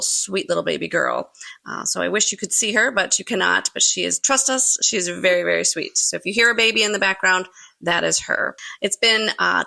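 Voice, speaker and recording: A woman's voice: medium pitch, gravelly, no room sound. A woman hosting a podcast conversation, effusive and encouraging, with lots of eager affirmations. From United States. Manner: warm, effusive, many affirmations. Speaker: podcast host, Pilates teacher. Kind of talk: casual interview chat.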